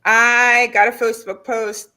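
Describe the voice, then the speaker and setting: An excited woman recounting a find in a casual group chat about gardening. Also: a little high, unhurried. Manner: excited, enthusiastic. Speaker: panel guest.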